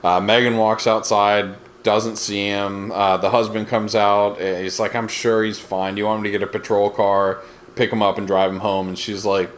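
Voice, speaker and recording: Podcast co-host, man, deep voice, dry teasing recap chat. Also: level tone, moderate pace, slight background noise. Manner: dry teasing humor, many fillers.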